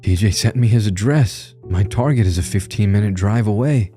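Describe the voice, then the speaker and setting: A man's voice: lowish voice, normal speed, mellow, faint music behind. A man narrating a first-person horror story in a tense, grim storytelling manner.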